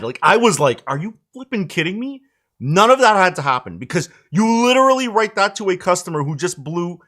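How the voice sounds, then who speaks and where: Animated man ranting on a live stream. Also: on the high side. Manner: animated, exasperated ranting with asides to chat. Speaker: tech streamer host. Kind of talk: casual live-stream chat. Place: home studio, indoors.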